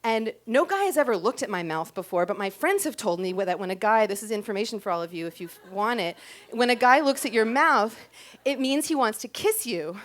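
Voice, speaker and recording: With a somewhat high voice and lively intonation, a woman speaks a little quickly while telling a story about herself. The setting is a small club, where she's at a stage microphone in front of a live audience, sounding chatty and self-deprecating and frequently saying "um" and "like."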